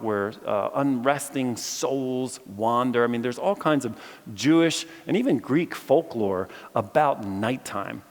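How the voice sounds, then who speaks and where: A man preaching a lively sermon, acting out the voices in the story as he tells it. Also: medium pitch. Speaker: philosophy teacher giving a chapel message. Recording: echoey hall with long reverb.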